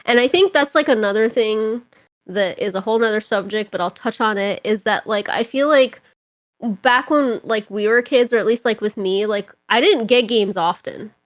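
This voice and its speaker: A young woman's voice, pitched a little high, chatting animatedly on a podcast. She rambles through her stories and fills them with "like". The sound is dry and close, with no room around it. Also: moderate pace, no room sound. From Toronto, Canada. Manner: animated, rambling, heavy use of filler "like". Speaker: podcast guest. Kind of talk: casual podcast chat.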